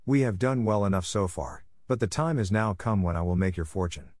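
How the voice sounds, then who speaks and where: A man's voice: on the low side, a little fast, darkish tone, no room sound, clean studio sound, natural voice. A man doing a clever, bold little cat. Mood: urgent. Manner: eager, pleading, commanding.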